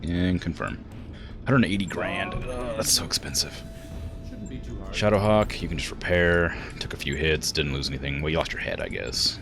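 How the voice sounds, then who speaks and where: A man's voice: rumbling low, lively intonation, normal speed, creaky. A young man streaming a video game, chatting casually, thinking aloud and chuckling as he plays. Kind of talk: casual gameplay chat.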